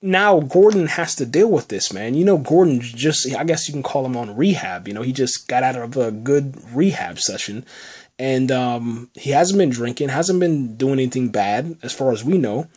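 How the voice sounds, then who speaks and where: Man, mid-pitched, rambling podcast recap, excitable, fillers like "man" and "you know". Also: normal speed, slightly rough. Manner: excitable, enthusiastic about the show. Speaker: podcast host reviewing a TV episode. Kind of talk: casual spoken recap.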